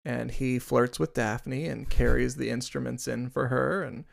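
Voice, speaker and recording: A man co-hosting a podcast, recapping a film's plot in relaxed casual chat. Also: medium pitch, measured pace, gravelly. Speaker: podcast co-host. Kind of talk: casual chat about a film.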